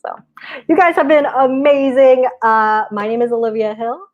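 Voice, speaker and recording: A woman in her twenties doing a stand-up set for a virtual show, with a deadpan, self-mocking delivery. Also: a little high, moderate pace. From United States. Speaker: stand-up comic. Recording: muffled lo-fi video call audio.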